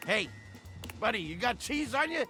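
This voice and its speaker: A man's voice: very high-pitched, very animated, normal speed, music in the background. A man voicing a crude, suspicious male rat-trap creature who talks brash and streetwise in a video game. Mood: gruff. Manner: brash, swearing, streetwise slang.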